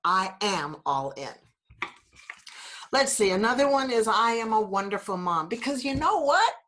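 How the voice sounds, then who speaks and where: A woman's voice: mid-range voice, lively intonation, normal speed, fairly bright tone, a little hiss or hum. A woman in her fifties from New Zealand, slightly congested, hosting a podcast with an upbeat, encouraging motivational talk full of repeated affirmations. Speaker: podcast host.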